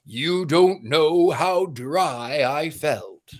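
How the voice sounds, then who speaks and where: A man voicing a big, gruff trailer truck in a storybook, speaking slowly and drawn out. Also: a little high, expressive, pitched below the performer's own voice.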